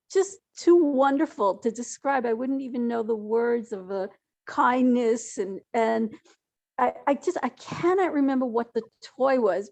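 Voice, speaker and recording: A woman's voice: a little high, darkish tone. A woman sharing memories at a memorial gathering, emotional, often restarting her sentences. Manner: emotional, restarting sentences, laughing through tears. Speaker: family friend. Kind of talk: memorial remarks.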